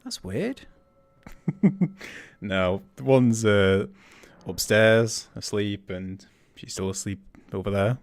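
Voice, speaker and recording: A man's voice: fairly low pitch, lively intonation, takes it slowly, pauses often. A man chatting through a game livestream, thinking aloud and laughing often. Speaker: streamer. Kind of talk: livestream gameplay commentary.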